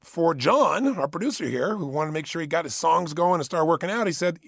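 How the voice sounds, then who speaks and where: A man speaks in a high-pitched, rough-edged voice, delivering a motivational workshop talk. He is punchy and insistent, driving points home through repetition. The sound is close and dry, with no room echo. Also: expressive, a little fast, few pauses, a bit bright. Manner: emphatic, punchy, repeats key phrases.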